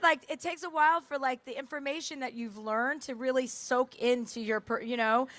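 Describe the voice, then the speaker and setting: Woman author on stage, pitched a bit high, dry mic, frank and chatty with restarts. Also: a bit bright, dry recording. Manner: fast, candid, many fillers and restarts. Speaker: author and guest. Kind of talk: onstage conversation. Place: festival stage.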